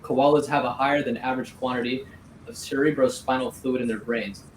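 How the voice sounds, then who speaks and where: A man reads a prepared rant in a sardonic deadpan, throwing in crude asides. The voice sits in a roomy, echoing space with a faint hiss. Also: mid-range voice, brisk. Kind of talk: reading a scripted rant. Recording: roomy echo, faint noise.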